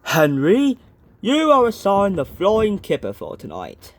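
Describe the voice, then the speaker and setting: A man's voice: high-pitched, huge pitch swings, a little slow, pitched above the performer's own voice, exaggerated voice. A man doing a formal railway boss. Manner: formal, announcing. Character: fussy middle-aged male railway boss.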